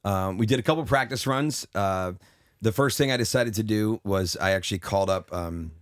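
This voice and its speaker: Man, comedian guest, low-pitched, dry recording, rambling anecdotes, losing his voice. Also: normal speed, no room sound. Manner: rambling anecdotes full of fillers and restarts. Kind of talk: casual storytelling interview.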